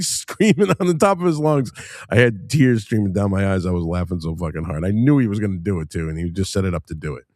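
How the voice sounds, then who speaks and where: Fast and very animated, a man with a deep, darkish voice hosts a live stream, casually chatting and reeling off loose, foul-mouthed stories for his audience. His streaming mic yields a dry, clean studio sound.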